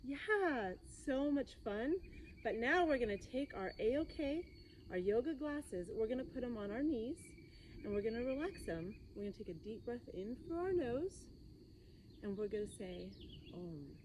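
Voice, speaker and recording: A woman's voice: a little high, animated, normal speed, a little mellow, slight background noise. A woman teaching a children's yoga class, giving upbeat, encouraging instructions in a sing-song way.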